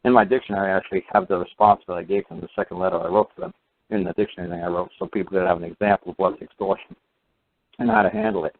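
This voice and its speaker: A man's voice: low voice, sing-song, racing, creaky. A man telling a long casual story as a talk show host, rambling with many fillers and restarts. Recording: phone-like lo-fi radio audio.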